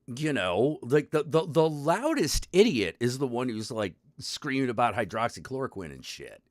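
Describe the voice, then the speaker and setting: A man's voice: medium pitch, sing-song, normal speed, dry recording, clean studio sound. A man hosting his own stream, ranting casually and profanely to his chat, rambling and exasperated with lots of restarts. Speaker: stream host.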